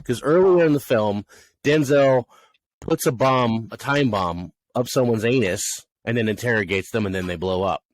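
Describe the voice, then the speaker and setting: A man co-hosting a casual movie review podcast, rambling and animated, often laughing and acting out lines. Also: mid-range voice, moderate pace, dry recording. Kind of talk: casual chat.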